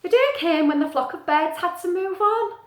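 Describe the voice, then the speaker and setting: A middle-aged woman teacher reading a picture book aloud to children, gentle and animated, asking the listener questions. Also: very high voice, normal speed. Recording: echoey room.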